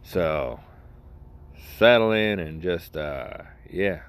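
A middle-aged man with a very low voice rambles through a solo podcast. He is crude and sarcastic and laughs at his own jokes. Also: expressive, extremely slow. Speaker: podcast host.

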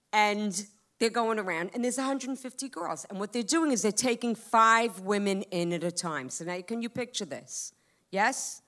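A woman's voice: mid-range voice, fairly bright tone. A woman in her fifties doing stand-up storytelling, brash and profane, talking straight to the crowd. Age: 50s. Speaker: comedian.

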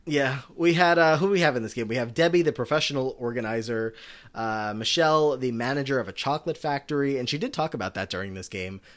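This male co-host has a mid-range, fairly bright voice and talks fast during a laid-back podcast recap chat, rambling with heaps of filler words.

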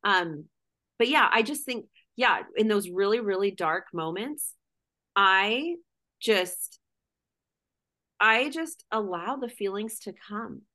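A woman's voice: medium pitch, lively intonation, takes it slowly, pauses often, sharp tone. A middle-aged woman guest speaking candidly and emotionally in casual conversation, full of "like".

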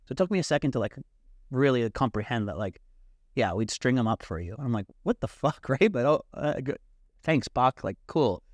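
A young man telling a story in a casual, animated way, swearing and acting out the people he quotes. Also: mid-range voice, moderate pace, dry recording. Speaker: podcast guest.

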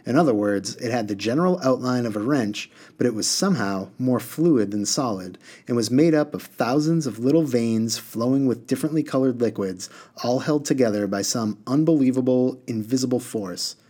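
A man reads a novel aloud in a steady, measured storytelling voice. His pitch sits in the middle of the range. He also stops to talk the book through with a listener. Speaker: reader and discussion leader. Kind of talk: reading a novel aloud and discussing it.

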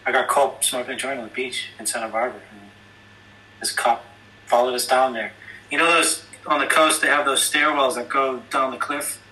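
A man's voice: medium pitch, steady tone, moderate pace, pushed and bright, recorded from a distance, low-quality recording. An Irish man from Ireland telling rambling, profane anecdotes in a casual podcast chat. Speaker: podcast guest.

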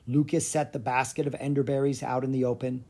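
An audiobook narrator giving an expressive storybook reading. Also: medium pitch, brisk, husky.

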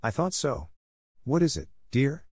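A man voicing a gentle, grave middle-aged mother in a storybook reading. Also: mid-range voice, very animated, measured pace, breathy edge, no room sound, clean studio sound, voice pushed up.

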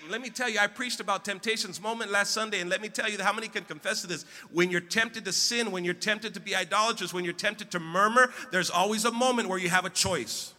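A man preaching a sermon as pastor, building to loud exclamations and leading call-and-response with his congregation. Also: high-pitched, fairly quick, long reverb tail. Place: church sanctuary.

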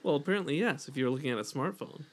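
Teasing male podcast co-host, slightly high voice. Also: animated, racing, slight background noise. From Canada. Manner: dry, teasing quips. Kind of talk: casual chat.

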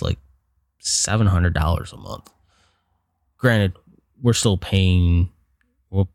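A man with a very low, gravelly voice rambles frankly through a solo podcast monologue. He sounds frustrated and low, and swears now and then. The recording is dry and close, with no room sound. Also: a little mellow, no room sound. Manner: frank, rambling venting with profanity. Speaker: podcast host.

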